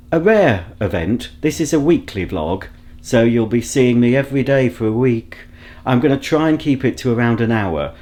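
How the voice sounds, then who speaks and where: A man's voice: medium pitch, darkish tone. A man chatting to a handheld camera at home in a rambling vlog, full of self-mocking asides. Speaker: vlogger. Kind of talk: casual solo vlog to camera. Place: at home, indoors. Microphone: handheld camera at arm's length.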